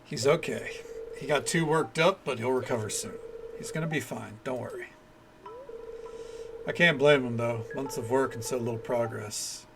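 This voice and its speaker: A man voicing a calm, caring male town doctor who speaks gently and reassuringly, with lo-fi music in the background. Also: medium pitch, normal speed, close to an everyday voice.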